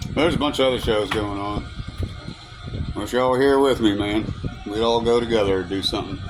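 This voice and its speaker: A man's voice: lowish voice, fairly quick, background noise. A man with a Southern US accent, chatting to viewers in a loose, rambling way with lots of fillers. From Southern United States. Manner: chatty and rambling, with many fillers and a relaxed drawl. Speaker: vlogger. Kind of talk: casual rambling chat to viewers.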